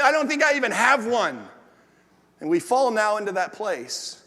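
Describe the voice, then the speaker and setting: His voice strikingly high, a male pastor delivers his sermon as lively storytelling, acting out asides along the way. The big church hall gives everything he says a long, ringing reverb.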